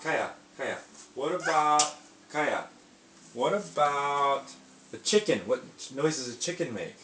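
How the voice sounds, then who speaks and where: A woman's voice: low-pitched, animated, a little slow, roomy sound, slight background noise. A woman, a parent, coaxing her toddler in a sing-song voice with playful animal sounds, recorded at home on a video camera. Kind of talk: talking to a toddler.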